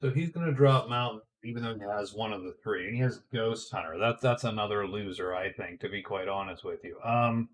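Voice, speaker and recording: A middle-aged man narrates his own board game turns in casual solo commentary, thinking aloud with frequent hesitations and restarts. His voice is lowish, and he talks briskly with few pauses.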